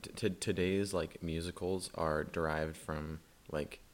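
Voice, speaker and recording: A man co-hosting a podcast in casual chat, relaxed and a bit hesitant. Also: low-pitched, measured pace. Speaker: podcast co-host.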